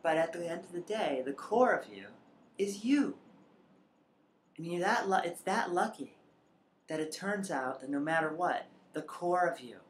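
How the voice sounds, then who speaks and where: A woman's voice: on the low side, animated, normal speed. A trans woman talking reflectively in a personal vlog, rambling at times and sometimes dropping to a near whisper. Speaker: vlogger. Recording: echoey room with faint background noise.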